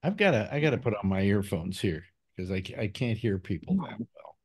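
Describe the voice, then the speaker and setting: Brief: older male host, loose rambling delivery, animated pitch. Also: brisk, breathy edge. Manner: rambling, with many fillers and restarts. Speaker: call-in show host. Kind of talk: casual panel chat.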